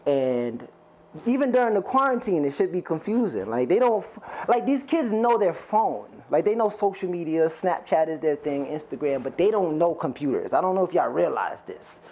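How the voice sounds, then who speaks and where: A man's voice: a little high, sing-song, normal speed, darkish tone. A man doing a stand-up comedy set, rambling, profane and conversational as he talks straight to the crowd on stage. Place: stage before a live audience.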